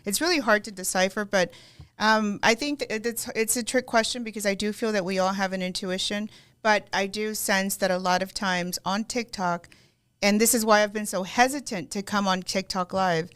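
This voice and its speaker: Middle-aged female psychic, earnest and reassuring, smooth clear voice, studio podcast. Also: medium pitch, moderate pace. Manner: warm, earnest, reassuring about intuition. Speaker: psychic card reader, podcast guest. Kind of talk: casual podcast chat. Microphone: studio microphone.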